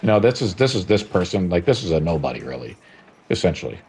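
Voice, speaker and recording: Brief: low-voiced, rambling male game master. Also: very animated, fast talker, a little mellow, slight background noise. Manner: rambling, lots of "like" and "you know". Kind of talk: narrating a tabletop game.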